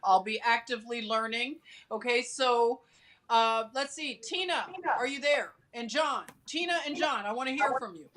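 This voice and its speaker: A woman's voice: fairly high pitch, normal speed, a bit bright. A woman hosting a casual livestream chat, thankful and eager to learn. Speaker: livestream host.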